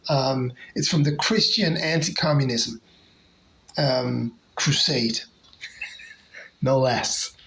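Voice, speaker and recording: A comic collector casually showing off favorite covers, talking hesitantly with lots of pauses and restarts. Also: mid-range voice, gravelly, fairly bright tone, slight background noise, rough recording. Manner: hesitant, many fillers and restarts.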